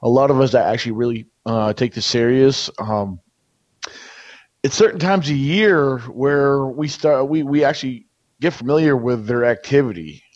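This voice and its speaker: A man's voice: medium pitch, moderate pace, no echo. Rambling man guest on a dull line. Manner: rambling, many fillers and restarts. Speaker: guest, researcher. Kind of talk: casual interview answers.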